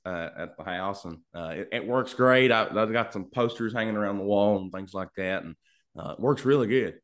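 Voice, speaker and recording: A man's voice: lowish voice, a little fast, fairly bright tone. A young man from Kentucky with a thick Southern drawl, an easygoing, polite country singer-songwriter chatting in an interview from his home studio. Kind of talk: casual interview chat.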